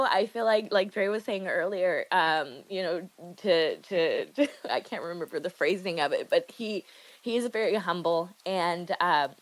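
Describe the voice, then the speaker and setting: A woman speaking emotionally and haltingly about her husband in a casual live audio chat, laughing often and filling with ums. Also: fairly low pitch, dry recording, low-quality recording. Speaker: guest's wife.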